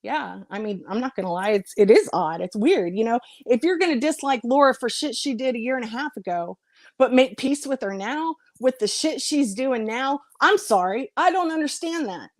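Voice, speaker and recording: A woman's voice: on the high side, lively intonation, moderate pace, dry recording, studio quality. A woman YouTuber ranting to her viewers on her vlog, blunt and confrontational, swearing freely. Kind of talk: heated vlog rant to viewers.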